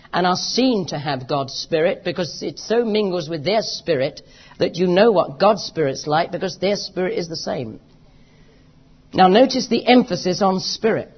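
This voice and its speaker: In an unhurried, animated mid-range voice, a preacher with a British accent delivers an emphatic, impassioned sermon. Repetitive phrasing runs throughout, and the recording is dull and lo-fi.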